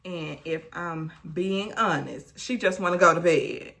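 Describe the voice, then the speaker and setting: A woman with a low, gravelly voice recaps a reality show in a casual vlog. She takes her time, acts out what people said, and drops blunt asides along the way. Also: unhurried. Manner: animated retelling, acts out quotes, blunt asides.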